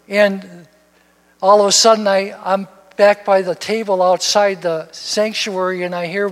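Pastor guy, highish voice, long church echo, storytelling sermon. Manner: storytelling, animated, repeats words when excited. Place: church sanctuary. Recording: long reverb of a church hall.

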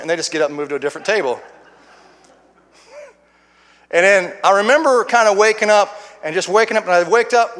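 Bright-voiced preacher in a reverberant church. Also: male voice, fairly high pitch. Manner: folksy storytelling with restarts, swinging from hushed to loud. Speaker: guest pastor. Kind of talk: sermon testimony. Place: church sanctuary. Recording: long reverb of a church hall.

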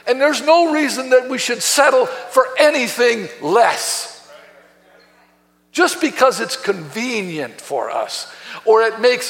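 A man's voice: high-pitched, a bit bright, long reverb tail. A man preaching a sermon as pastor, emphatic and quoting scripture from the pulpit in a church. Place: church sanctuary.

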